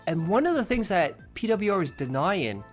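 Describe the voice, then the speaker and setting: A man's voice: high voice, sing-song, normal speed, faint music behind. Scornful man narrating commentary. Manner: scornful, mocking. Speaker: commentary channel host.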